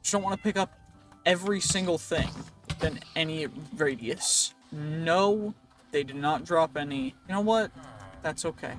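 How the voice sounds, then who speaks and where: A man's voice: a little high, moderate pace, a bit bright, soft background music. A man giving casual, rambling gameplay commentary, joking and talking to game characters, his voice wearing out. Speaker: gaming video creator.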